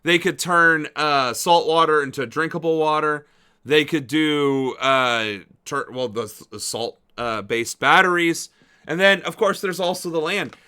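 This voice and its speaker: A man's voice: on the high side, sharp tone, clean tone. A man hosting a political livestream, commenting casually with sarcasm and disbelief and swearing freely.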